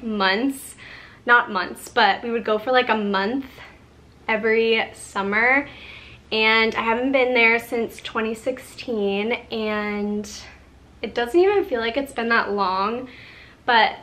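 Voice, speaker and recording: Tearful young woman vlogging slowly. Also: on the high side, steady tone, pushed and bright. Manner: halting, tearful, many restarts and ums. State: on the verge of tears. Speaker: lifestyle vlogger. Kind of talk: emotional unscripted vlog talk.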